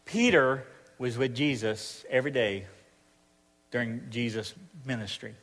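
A man's voice: medium pitch, a little slow, fairly bright tone, in a large hall. A middle-aged man with a Southern accent preaching a sermon in a folksy, joking style with repeated phrases. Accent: Southern US (Arkansas). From Arkansas, US. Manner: folksy, jokey, repetitive preaching cadence. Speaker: pastor.

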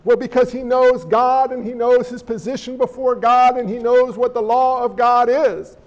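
Very high-voiced male pastor preaching. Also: normal speed, muffled recording. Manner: animated preaching, rhetorical questions to the congregation; joking asides. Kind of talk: sermon.

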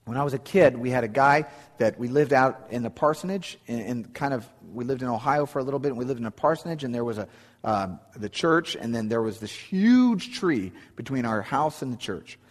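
A man's voice: medium pitch, expressive, fairly quick, in a large hall. A middle-aged man preaching a sermon, telling a personal story earnestly with frequent restarts. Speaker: pastor.

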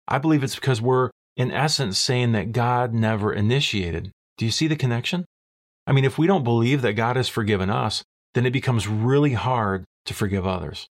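A man preaching a teaching sermon in a conversational way, often asking his listeners questions. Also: on the low side. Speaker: pastor.

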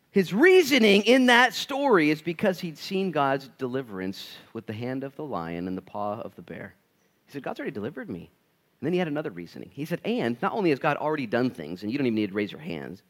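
A man's voice: medium pitch, brisk. Dad-type pastor guy giving a sermon, chatty and funny, voice jumps all over. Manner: animated, acts out voices in quotes; conversational, jokey with the congregation.

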